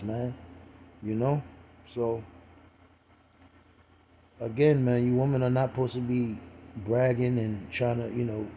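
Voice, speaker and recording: A man's voice: mid-range voice, fairly even intonation, slow pace, pauses often, warm tone, a little hiss or hum. A man giving a casual religious talk in a streetwise, profane way, full of "you know" fillers.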